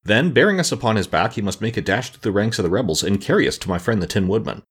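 Calm whimsical scarecrow king read by a man, lively, a bit husky. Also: fairly low pitch. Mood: calm, musing. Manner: unhurried, mildly lofty and reflective. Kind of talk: audiobook character reading.

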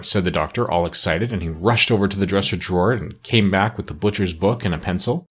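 A man's voice: deep voice, quick pace, few pauses, breathy edge. A man narrating a children's storybook as an audiobook reader.

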